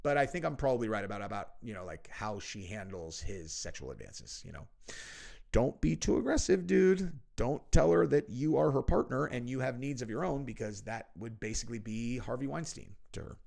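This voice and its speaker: A man's voice: mid-range voice, animated, a little fast, creaky, darkish tone. A young man hosting a political commentary show, talking in a brash, profane, mocking way and dropping "dude" often. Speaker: show host. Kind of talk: crude comedic political commentary.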